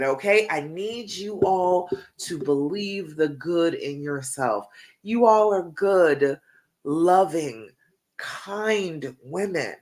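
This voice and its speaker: A woman's voice: fairly low pitch, animated, slow pace, darkish tone. A woman coach on a live stream, giving encouraging instructions in an emphatic, repetitive way and ending many points with "okay?". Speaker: relationship coach.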